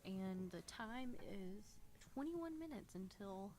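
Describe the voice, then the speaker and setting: A soft-spoken young woman commentating a card game tournament on a live stream, with easygoing, giggly banter. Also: medium pitch, animated, takes it slowly.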